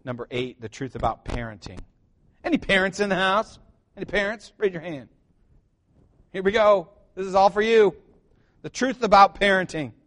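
Animated middle-aged male pastor. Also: sits high, normal speed, long pauses. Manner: animated, joking, swings between loud emphasis and quiet asides. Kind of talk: sermon.

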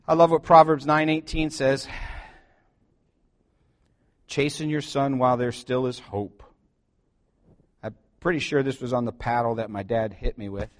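A middle-aged man preaching a sermon as pastor, joking and shifting between loud emphasis and quiet asides. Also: medium pitch, steady tone, unhurried, pauses often.

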